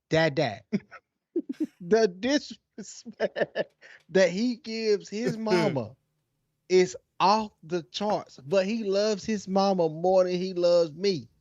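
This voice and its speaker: A young adult man with a somewhat high voice co-hosts a casual chat, slangy and quick to laugh, mimicking a toddler's words as he tells stories. The recording is slightly dull and dry. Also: darkish tone, no echo. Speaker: podcast co-host.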